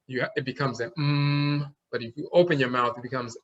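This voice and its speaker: A man's voice: medium pitch, fairly even intonation, highs cut off. A man teaching an online class, explaining things step by step and sounding out letters as he goes. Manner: explains slowly, demonstrates sounds aloud.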